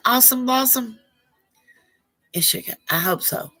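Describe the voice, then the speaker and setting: Slow, husky woman chatting live. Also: fairly low pitch, expressive, a bit bright, faint music behind. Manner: affectionate, calls viewers baby, struggles over names. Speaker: psychic reader hosting a live Q&A. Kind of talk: casual live-stream chat with viewers.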